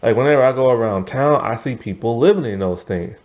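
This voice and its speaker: A man's voice: mid-range voice, animated, a little fast, darkish tone, dull audio. A man giving a casual, rambling TV review, tired and yawning, full of asides and fillers. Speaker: TV show reviewer.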